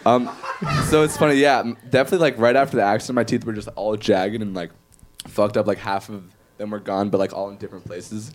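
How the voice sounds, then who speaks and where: Laid-back low-voiced man with slight lisp. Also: fairly even intonation, slight background noise. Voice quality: slight lisp when talking fast. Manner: laid-back, halting, filler-heavy. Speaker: guest. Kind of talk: casual chat.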